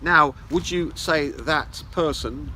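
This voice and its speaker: Male teacher, sarcastic and scornful, bright forceful voice, highish pitch, faint hiss behind. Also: slow. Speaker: esoteric teacher. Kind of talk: mocking lecture, reading articles aloud.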